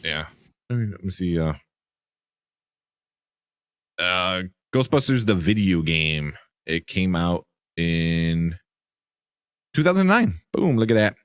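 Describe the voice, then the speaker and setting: A man's voice: low-pitched, sing-song, takes it slowly, long pauses, clear, resonant tone, dry recording, studio quality. A man hosting a casual movie review podcast, talking in a rambling, enthusiastic way with many fillers. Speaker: podcast host.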